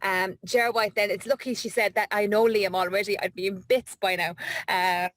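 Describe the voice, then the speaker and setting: A woman's voice: mid-range voice, steady tone, normal speed, a bit bright, dry recording, low-quality recording. A woman hosting a casual chat over a video call, talking in a chatty, rambling, emotional way. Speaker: host.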